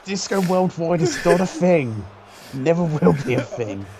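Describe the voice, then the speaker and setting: A man's voice: fairly high pitch, lively intonation, measured pace, crowd noise. A man doing joking, casual play-by-play commentary, sarcastic and swearing freely.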